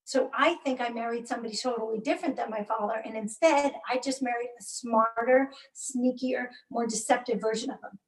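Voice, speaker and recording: A woman's voice: on the high side, distant mic, low-quality recording. A middle-aged woman speaking candidly as an interview guest, earnest and emphatic, with frequent fillers and restarts. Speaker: podcast guest.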